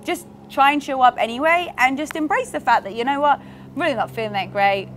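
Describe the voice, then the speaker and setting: Chatty, encouraging woman podcaster with a higher voice. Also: a little fast, a bit bright, slight background noise. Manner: chatty and candid, many "like" fillers; encouraging, speaks to listeners directly. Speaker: podcast host. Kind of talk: casual motivational podcast talk.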